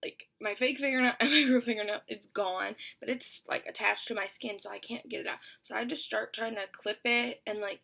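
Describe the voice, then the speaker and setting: A woman's voice: on the high side, fairly even intonation, brisk, vocal fry, few pauses, pushed and bright. A young woman telling a storytime vlog in a chatty way, filling almost every phrase with "like". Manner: chatty, says "like" constantly. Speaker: vlogger.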